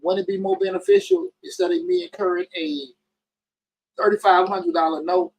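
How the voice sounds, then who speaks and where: Animated, husky-voiced man hosting a podcast. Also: normal speed, poor audio. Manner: talks in bursts with many restarts, pitch jumping up emphatically. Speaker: podcast host. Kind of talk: casual call-in podcast discussion.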